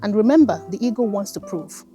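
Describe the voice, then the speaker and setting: A woman's voice: medium pitch, fairly quick, soft background music. Nigerian woman giving a motivational talk. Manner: earnest, repetitive, animated, addresses listener as darling. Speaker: life coach. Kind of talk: casual motivational talk to camera. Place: garden, outdoors.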